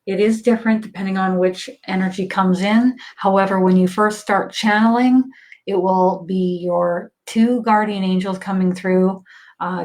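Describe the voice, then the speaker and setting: A psychic medium with a medium-pitched, darkish voice chats loosely through a livestream reading. She peppers her talk with ums and likes and laughs readily as she moves between ideas.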